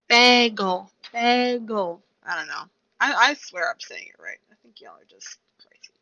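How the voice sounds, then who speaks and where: A young woman streamer rambles casually to herself while gaming, her low voice gravelly, pushed, and bright. The recording is dull and lo-fi.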